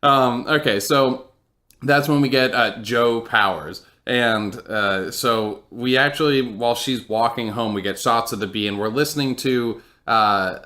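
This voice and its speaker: A man's voice: mid-range voice, unhurried, sharp tone. A man co-hosting a casual podcast, recapping a TV episode in a rambling way with lots of fillers and laughs. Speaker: podcast co-host.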